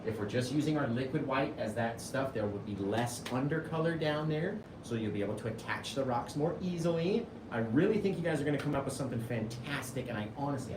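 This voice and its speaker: A man's voice: mid-range voice, roomy sound, recorded from a distance, background noise. A man in his forties hosting a live painting lesson, enthusiastic and playful as he reads viewers' comments aloud and jokes with them. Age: 40s. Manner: enthusiastic and playful, joking and gushing. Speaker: painting instructor and live stream host. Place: painting studio.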